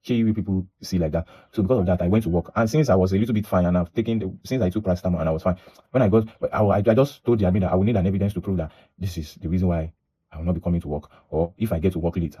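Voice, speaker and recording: A young man with a Nigerian accent talks fast in a low, mellow voice. He tells a personal story in a loose, rambling way, often restarting his sentences and mixing in Pidgin phrases. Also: steady tone, breathy edge. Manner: rambling, restarts and repeats himself, mixes in Pidgin. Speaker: vlogger. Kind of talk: casual storytelling monologue.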